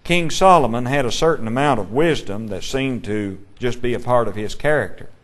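A man's voice: mid-range voice, normal speed. A man teaching a Bible class, asking his students questions and reading scripture aloud.

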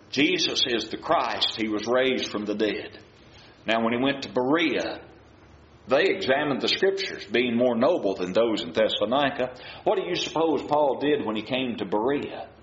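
A man preaches a sermon at a medium pitch, animated and a bit bright at a moderate pace. He reads scripture aloud and asks his listeners rhetorical questions, captured in a muffled, roomy recording with faint hiss.

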